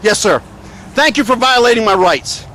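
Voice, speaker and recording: Indignant high-voiced man confronting police. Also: lively intonation, normal speed, pushed and bright, a little hiss or hum. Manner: indignant, sarcastic, lecturing. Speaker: protester filming police. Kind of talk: confrontational street recording. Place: outdoors beside a road.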